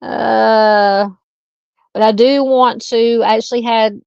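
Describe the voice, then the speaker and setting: Woman, Southern accent, livestream host, fairly high voice, dull dry sound. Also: fairly even intonation, slow pace, creaky, clear, resonant tone, dry recording. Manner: warm, chatty, reads out viewer comments. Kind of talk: casual live-stream chat.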